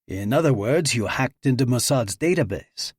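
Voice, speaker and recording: A man's voice: mid-range voice, expressive, normal speed, breathy edge, dry recording, clean studio sound. A man voicing a skeptical young lock expert in his twenties with a challenging tone.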